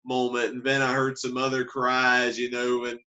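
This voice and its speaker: A man's voice: mid-range voice, monotone, normal speed, sharp tone, muffled recording. A man co-hosting a podcast, enthusiastically recalling his theater experience in casual chat. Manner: enthusiastic, acts out quotes. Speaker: podcast co-host. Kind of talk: casual movie review chat.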